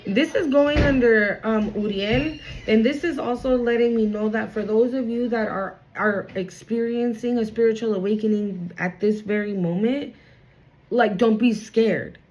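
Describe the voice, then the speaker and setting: A woman's voice: on the high side, a little slow, darkish tone, lo-fi sound, a little hiss or hum. A woman giving a casual spiritual card reading to her viewers, chatty and blunt, swearing freely and reassuring them.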